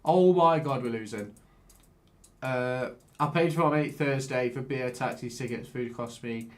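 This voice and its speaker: A man giving casual live-stream commentary while he plays a game, excitable, swearing and chatting with viewers. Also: medium pitch, measured pace.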